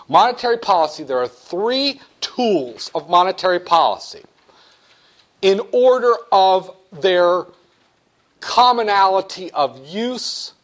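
A man lectures to a class with a light, high voice. His pitch leaps up and down as he jokes and acts out short exchanges with his students. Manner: animated, joking, acts out dialogues with students. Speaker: economics lecturer.

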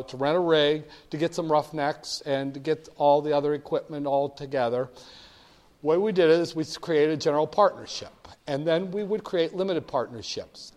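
An older man with a fairly high voice tells stories to an audience. His delivery is animated and emphatic, with a wry edge, and he sometimes gets the crowd to repeat words back to him. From northern United States. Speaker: speaker addressing an audience. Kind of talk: storytelling talk.

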